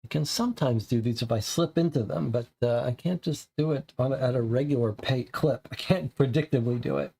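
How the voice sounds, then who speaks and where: Gravelly-voiced man narrating a noir game. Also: medium pitch, fairly quick, few pauses, dark tone. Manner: chatty, asides to viewers. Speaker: game host playing a solo noir case.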